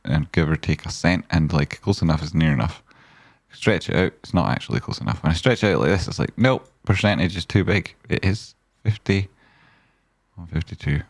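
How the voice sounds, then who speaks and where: A man's voice: low-pitched, fairly quick, creaky, dry recording. A man hosting a trading stream, giving casual, rambling and jokey chart commentary with a repeated "right?".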